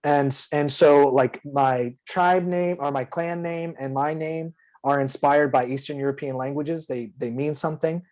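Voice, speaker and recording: A man speaking in a somewhat raised pitch, talking casually about the character he plays. He is earnest and rambles, with lots of ums and restarts. It sounds like easygoing chat between game friends. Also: steady tone, unhurried, a little mellow, poor audio. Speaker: player.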